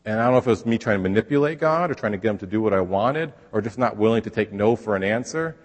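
A man preaching a sermon in a relaxed, conversational way, sometimes acting out the voices he quotes. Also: on the low side, fast, long reverb tail. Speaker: pastor.

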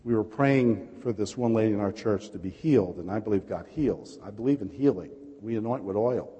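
Male New York preacher, mid pitch, passionate storyteller, big reverberant church. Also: dark tone, husky. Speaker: pastor. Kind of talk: sermon. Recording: reverberant hall.

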